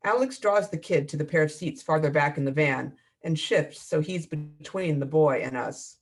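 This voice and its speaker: A man reads aloud from his own novel with a slightly high, gravelly voice. He keeps a measured, expressive storytelling pace and leans into the action. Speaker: author. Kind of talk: reading own fiction aloud.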